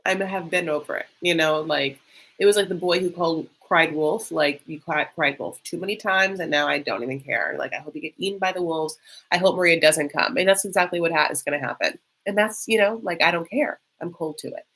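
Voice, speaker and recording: Reacting live to a reality show on her stream, this host is chatty, sarcastic and theatrical in a casual way. Her voice is fairly low and a bit bright, and she speaks fairly quickly.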